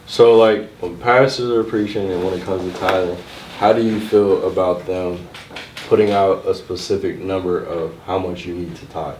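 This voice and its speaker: A young man in a casual roundtable asks hesitant questions full of filler words. His voice sits low. He sounds distant in an echoey room with a little background noise. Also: steady tone, normal speed, a little mellow. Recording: roomy sound from a distant mic.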